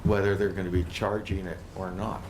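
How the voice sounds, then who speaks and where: A man's voice: deep voice, little pitch movement, brisk, background noise. A man chairing a city council meeting, procedural and matter-of-fact.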